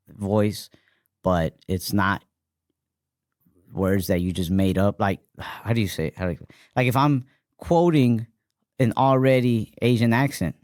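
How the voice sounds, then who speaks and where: A man's voice: fairly low pitch, darkish tone, no room sound. Brief: man riffing as podcast co-host, loose profane banter, dry close sound. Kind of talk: casual comedic chat.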